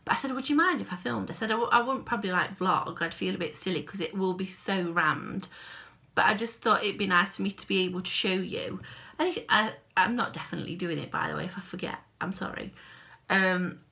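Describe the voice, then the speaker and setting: A woman's voice: medium pitch, fairly quick, vocal fry, sharp tone. A woman talking casually to camera at home for her vlog, rambling and self-deprecating. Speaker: crochet vlogger. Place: at home by a window.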